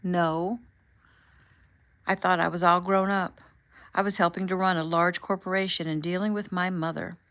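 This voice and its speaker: A woman's voice: lowish voice, level tone, moderate pace, long pauses, a bit bright. A woman reading the part of a tearful young mother in a hospital bed, anxious and shaky.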